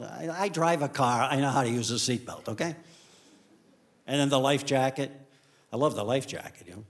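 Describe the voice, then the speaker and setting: A male comedian telling animated stand-up stories on stage, acting out the people in them. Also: medium pitch. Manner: animated storytelling, acts out characters in quick asides. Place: comedy stage before a live audience. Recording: live club recording with audience noise.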